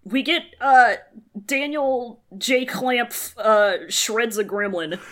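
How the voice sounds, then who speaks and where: A woman in casual podcast chat, making dry deadpan quips. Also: fairly high pitch, slow pace.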